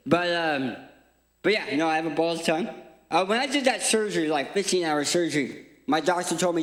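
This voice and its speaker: A man's voice: on the high side, expressive, brisk, a bit bright, echoey room. A man in his thirties with a permanent speech impediment, giving a jokey, self-deprecating church talk. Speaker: guest speaker. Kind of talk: humorous inspirational church talk. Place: church auditorium.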